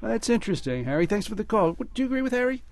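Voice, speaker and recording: A man hosting a call-in radio talk show, brisk and wry as he keeps the conversation moving. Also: high-pitched, sing-song, gravelly. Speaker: radio host.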